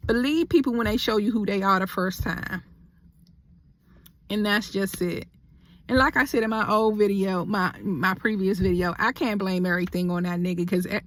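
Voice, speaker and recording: A young adult woman in a heated storytime vlog, talking bluntly. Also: medium pitch. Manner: blunt, heavy cursing, heated. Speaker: vlogger.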